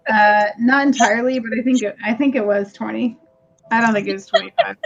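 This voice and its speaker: A woman's voice: a little high, fairly quick. Chatty, laughing woman with a dull lo-fi sound. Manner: chatty, laughing, rambling tangents. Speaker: guest seller. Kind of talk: casual live-stream chat. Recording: dull lo-fi audio.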